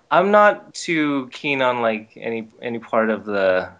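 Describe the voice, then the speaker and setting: A man guest on a podcast, chatting casually and telling lively stories in which he acts out the quotes. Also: mid-range voice, takes it slowly, dull audio. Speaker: voice actor guest. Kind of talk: casual chat. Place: based in Los Angeles.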